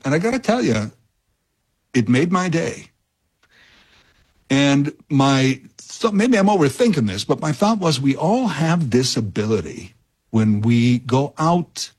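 Casting note: husky-voiced male fill-in radio host, rambling, chatty storyteller. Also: mid-range voice. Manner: chatty, rambling, self-interrupting, animated when telling a story. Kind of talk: casual radio talk and storytelling.

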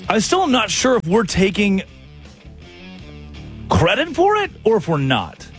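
A man's voice: high voice, measured pace, soft background music. A man hosting a comic sports talk show, telling stories with quoted voices. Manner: animated storytelling with voiced quotes.

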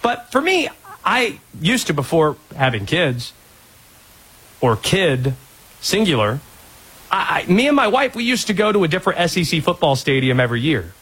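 A male sports radio host in his thirties, from North Carolina, talks in a slightly husky voice. His pitch swings widely as he tells stories. His humor is dry and sarcastic. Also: moderate pace. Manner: sarcastic, animated storyteller.

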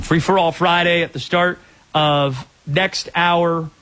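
A man hosting a sports talk show, chatting in a loose, digressive way with quick asides. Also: on the high side, steady tone, a bit bright, rough recording. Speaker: sports radio host.

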